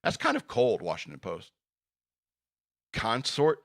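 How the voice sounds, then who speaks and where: A man's voice: medium pitch, lively intonation, normal speed, long pauses, pushed and bright. A man hosting a podcast, reading news stories aloud and giving blunt, sarcastic opinions with frequent fillers. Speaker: podcast host.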